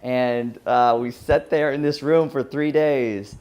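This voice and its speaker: A man's voice: mid-range voice, steady tone, slow, few pauses, darkish tone, slight background noise. A man from Louisiana with a Southern twang, giving a personal story talk, earnest and often restarting himself. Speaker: speaker.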